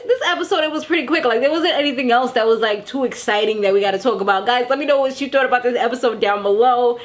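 A young woman talks straight to camera, recapping a reality show in a loose, gossipy way. Her voice sits a little high, and she keeps it lively, slipping into bits of the people she describes. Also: fast, hardly any pauses. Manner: chatty and animated, acts out quotes. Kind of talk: casual chat.

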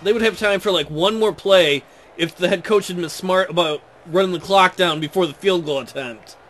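A man's voice: high voice, moderate pace, fairly bright tone, faint music behind. A young man commentating his own football video game, frustrated and ranting at the coach. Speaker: gaming commentator. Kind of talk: let's play commentary.

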